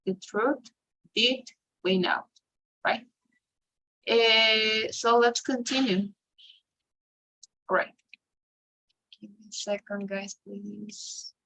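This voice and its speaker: A woman's voice: a little high, fairly even intonation, drawn-out words, vocal fry, long pauses, sharp tone, poor audio. A woman teaching an English class over a video call, explaining step by step with many fillers and tag questions. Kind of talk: online class instruction.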